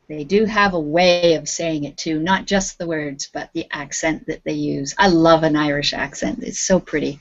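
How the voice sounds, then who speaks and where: A woman's voice: deep voice, steady tone, moderate pace, few pauses. A woman with a Canadian accent, teaching an English lesson over a video call and patiently prompting her students. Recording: dull lo-fi video call audio.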